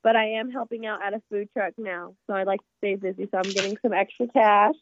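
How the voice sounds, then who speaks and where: A woman's voice: mid-range voice, steady tone, fast, no room sound. A young woman from Texas, calling in and chatting with fillers, her voice stuffy from allergies. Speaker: caller. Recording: dry tinny phone line.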